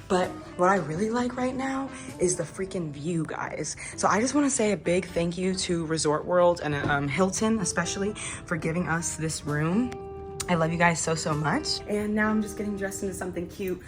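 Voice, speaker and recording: Speaking at a normal pace in a fairly low voice, this Maryland travel vlogger chats casually to the camera, full of fillers and upbeat, yet sometimes holding back tears in her hotel room. The mic is distant and off to the side, the room echoes, and music plays underneath.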